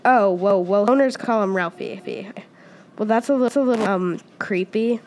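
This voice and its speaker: A woman reading a first-person story aloud as its storyteller, pausing and restarting often with repeated words. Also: mid-range voice, darkish tone, a little hiss or hum.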